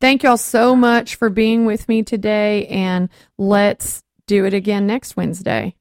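A woman's voice: mid-range voice, measured pace, clear, resonant tone, dry recording. Lady hosting a faith show, telling her story with lots of feeling, voice sounds dry and close. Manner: lively storyteller, acts out quoted voices. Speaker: host of a Christian talk show.

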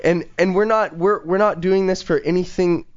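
A man with a somewhat high voice hosts a casual podcast and talks eagerly about following your excitement. He drifts through ums and you-knows as he pushes his message. The recording sounds dull and lo-fi. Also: normal speed. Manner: eager, motivational, many fillers. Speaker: podcast host.

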